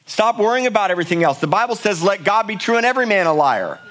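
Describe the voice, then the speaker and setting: A man's voice: sits high, sing-song, quick pace, a bit bright. A middle-aged male pastor preaching a sermon in a church, emphatic and passionate, often repeating words for force. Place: church sanctuary.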